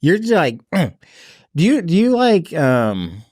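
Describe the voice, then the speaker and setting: A man's voice: fairly high pitch, wildly swooping pitch, slow, darkish tone, no room sound, studio quality. A man hosting a podcast, chatting in a laid-back way and laughing often. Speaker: podcast host. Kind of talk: casual chat.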